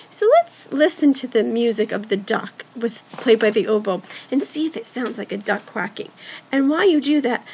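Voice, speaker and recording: A woman's voice: a little high, husky, poor audio. Playful woman narrating a children's story. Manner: playful, animated, coaxing listeners to move along.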